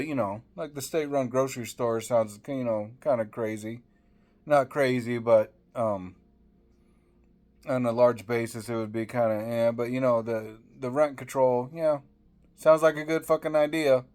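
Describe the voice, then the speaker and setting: Angry, profane man ranting. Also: mid-range voice. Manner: profane, heated, repetitive stammering restarts. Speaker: political commentator. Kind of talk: angry political rant to camera.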